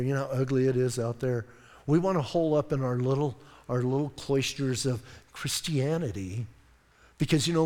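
A low, grumbling voice of timid churchgoers, as a preacher puts them on, dismissive and reluctant. A long hall reverb trails after each line. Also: male voice, a little mellow, natural voice. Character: reluctant, timid early church members, adult.

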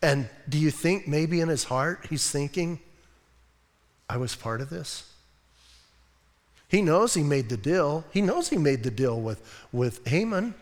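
A male pastor preaching a sermon in an animated, conversational way, acting out quotes and laughing often. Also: a little high, moderate pace, big-room sound.

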